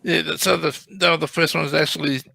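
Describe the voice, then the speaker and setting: A man chatting casually as co-host, halting and restarting as he talks. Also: a little high, fairly even intonation, vocal fry, bright, forceful tone, no echo. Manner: halting, with repeated starts. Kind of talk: casual chat.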